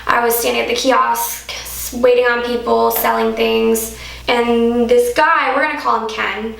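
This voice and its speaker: Brief: young woman vlogger from Alaska, slightly high and gravelly, chatty story-time, echoey room. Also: little pitch movement, measured pace, a bit bright. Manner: chatty, heavy use of "like". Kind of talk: casual story-time monologue.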